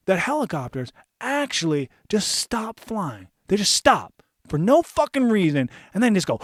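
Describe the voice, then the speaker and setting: Young army vet guy telling a funny story, high voice, swears a lot, dry close sound. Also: a little fast, dry recording. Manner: animated and profane, acting out his own panic. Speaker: Army veteran telling stories. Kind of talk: comedic storytelling.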